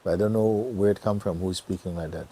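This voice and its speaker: A middle-aged man giving a gentle satsang talk as a spiritual teacher, often dropping to a near whisper and laughing easily. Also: sits low, steady tone, fairly quick, slight background noise. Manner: laughs easily, joyful and earnest.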